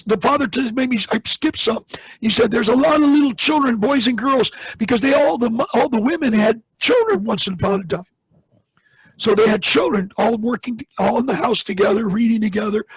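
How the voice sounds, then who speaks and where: A man preaching as he tells a testimony story, acting out each person in it with big swings of pitch. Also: husky, no echo, low-quality recording. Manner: dramatic retelling, acts out the voices in the story with big pitch swings. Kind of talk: sermon storytelling.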